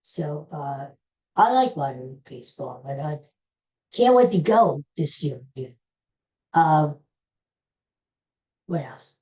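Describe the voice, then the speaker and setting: A woman's voice: low-pitched, very animated, slow pace, long pauses, a little mellow, poor audio. A woman hosting a podcast, chatting casually and rambling, often correcting herself and stumbling over names. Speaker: podcast host. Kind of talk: casual solo chat.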